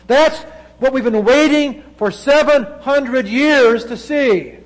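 A man preaching a sermon, with dramatic delivery that swings between loud emphasis and hushed low asides. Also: slow pace, poor audio.

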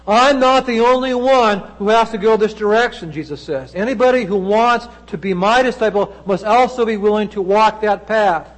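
A man preaching a sermon, with dramatic delivery that swings between loud emphasis and hushed low asides. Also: normal speed, hardly any pauses, low-quality recording.

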